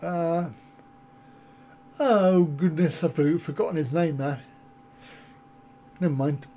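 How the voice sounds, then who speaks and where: A man's voice: fairly high pitch, slow, dark tone, a little hiss or hum. A man on a casual live stream, answering viewer comments in a rambling, self-mocking way. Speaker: travel vlogger answering live chat.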